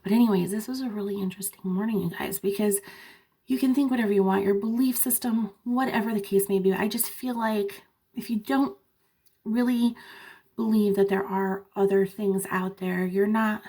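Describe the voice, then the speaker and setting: Woman vlogger, coughing and under the weather, animated casual storytelling with frequent fillers. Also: mid-range voice, normal speed. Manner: chatty, animated, laughing asides, many fillers. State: sick with a cough.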